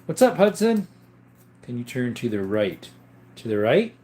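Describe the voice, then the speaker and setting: A man's voice: mid-range voice, measured pace, slight background noise. A man chats casually on his live stream. He welcomes viewers and reads their questions aloud. His answers wander easily, full of little fillers. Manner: relaxed, rambling explanations with fillers.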